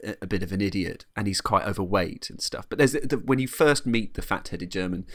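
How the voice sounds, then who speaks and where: A man's voice: on the low side, brisk. A man chatting casually about an old film, rambling with restarts and little laughs. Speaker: podcast co-host reviewing a film. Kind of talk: casual chat.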